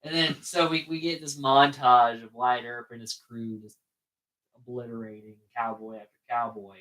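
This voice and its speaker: Man, medium pitch, bright tone, relaxed film recap chat, quotes lines. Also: normal speed, poor audio. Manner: laid-back, narrates plot beats, quotes lines. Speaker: podcast co-host.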